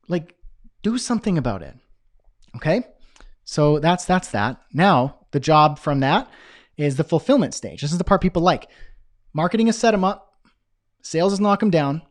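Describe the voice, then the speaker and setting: A male coach with a fairly high voice, teaching live in a loose, energetic, conversational way. He keeps pausing to check in with his viewers and answer their chat questions. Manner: energetic, conversational, frequent "okay?" check-ins. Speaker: business coach.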